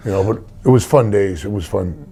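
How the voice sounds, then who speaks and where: Middle-aged new guy, gravelly low voice, rambling wrestling stories, keeps restarting. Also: mellow. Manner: rambling anecdotes with many restarts. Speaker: wrestler guest. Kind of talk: casual interview storytelling.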